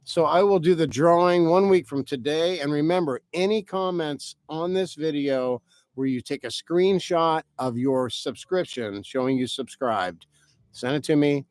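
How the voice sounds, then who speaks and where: A man's voice: fairly high pitch, a little slow, dry recording. Brief: male author hosting a live stream, casual, rambling, swears freely, dry close sound.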